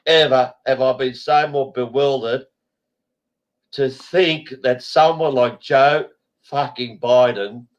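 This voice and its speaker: A man's voice: mid-range voice, slow pace, muffled recording. A man hosting a casual group chat over a video call, blunt and rambling, swearing often. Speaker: host.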